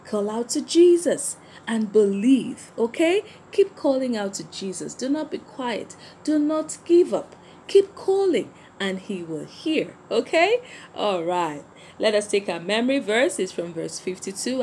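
A woman's voice: mid-range voice, big pitch swings, unhurried, a little mellow, a little hiss or hum. A woman giving a Sunday school lesson to children in an emphatic way, repeating key phrases and putting questions to her listeners.

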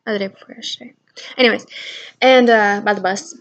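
A woman's voice: medium pitch, steady tone, brisk, highs cut off. A young woman chatting casually on her own vlog, rambling through funny stories about kids and laughing as she goes. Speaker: channel owner.

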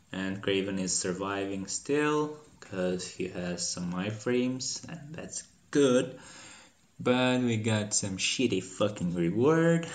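A man hosting a gaming channel, giving casual gameplay commentary, profane and swearing freely, with animated outbursts of mock anger. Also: on the low side, roomy sound.

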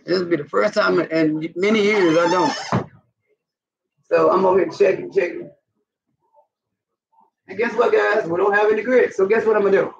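A man's voice: high-pitched, creaky. A middle-aged man with a Southern US accent, chatting casually and cursing as he demonstrates cooking in his home kitchen, talking straight to viewers. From American South. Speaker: cooking vlogger. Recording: roomy distant dull mic, faint noise.

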